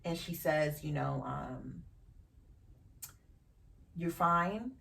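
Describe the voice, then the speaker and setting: A woman's voice: low-pitched, extremely slow, vocal fry, fairly bright tone. A woman hosting a podcast, telling a personal story frankly and emotionally, with casual swearing. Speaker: podcast host. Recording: distant from the mic.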